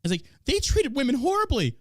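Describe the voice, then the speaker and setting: A man from the United States hosting a podcast, ranting in a crude, mocking, animated way about politics. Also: very high-pitched, a little fast, dry recording, clean studio sound. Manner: animated, crude, mocking, puts on silly voices for others. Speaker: podcast host. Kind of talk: profane political podcast rant.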